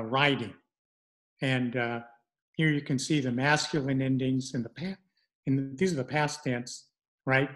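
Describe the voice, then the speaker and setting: A middle-aged man presenting an online language lesson, speaking haltingly with many fillers and restarts. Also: medium pitch.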